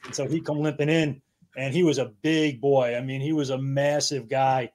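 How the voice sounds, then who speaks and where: A fifty-something battalion chief guesting on a podcast shares meandering, laughing anecdotes from his working life, peppered with casual swearing. His mid-range, slightly mellow voice keeps a fairly even intonation and moderate pace.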